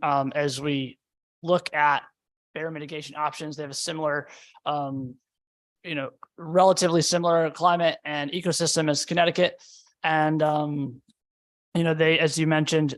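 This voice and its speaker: A man's voice: on the high side, fairly bright tone. A man, a deputy commissioner, answering questions at a public hearing with lots of fillers. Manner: hesitant, many fillers.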